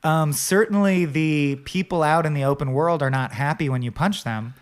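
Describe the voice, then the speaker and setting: A man co-hosting a casual comedic podcast, talking in an animated way and slipping into quick silly voices for the people he describes. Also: fairly high pitch, clean tone. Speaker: podcast co-host.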